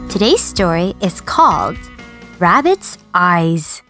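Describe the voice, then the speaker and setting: A woman reading a children's story aloud in an expressive, sing-song storyteller manner. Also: medium pitch, measured pace, faint music behind.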